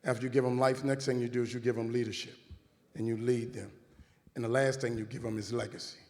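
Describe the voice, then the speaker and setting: A man moderating a screening Q&A in a large hall, speaking in a steady, preacherly cadence. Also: medium pitch, fast. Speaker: panel moderator. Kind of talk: hosting a screening Q&A. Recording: reverberant hall.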